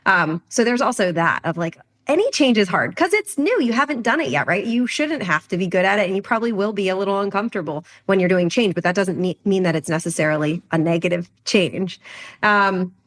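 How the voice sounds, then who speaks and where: A woman's voice: medium pitch, fairly quick. A woman co-hosting a health podcast, speaking frankly in casual chat. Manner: frank, rises into lively quoting. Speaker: podcast co-host, health coach.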